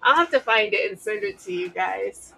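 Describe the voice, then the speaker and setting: A woman's voice: mid-range voice, animated, normal speed, creaky, fairly bright tone, a little hiss or hum. A woman in a casual chat among friends, easygoing, correcting facts, with lots of fillers. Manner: easygoing, fact-checking, chatty with fillers.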